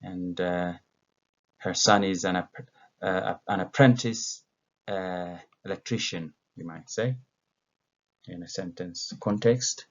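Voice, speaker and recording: Male English teacher from Ethiopia, very low gravelly voice, dull lo-fi recording, patient and halting. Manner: slow, patient, with many fillers and self-corrections. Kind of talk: recorded vocabulary lesson.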